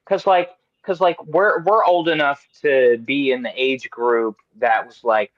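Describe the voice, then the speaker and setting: A man in his thirties hosting a podcast, chatting casually in an animated, rambling, profane way. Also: mid-range voice, unhurried, few pauses, no echo, muffled recording. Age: 30s. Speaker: podcast host. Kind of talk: casual chat.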